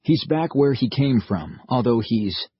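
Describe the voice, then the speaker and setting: A man voicing a calm man who speaks quietly and in a measured way. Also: mid-range voice, husky, no room sound, lo-fi sound. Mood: grave.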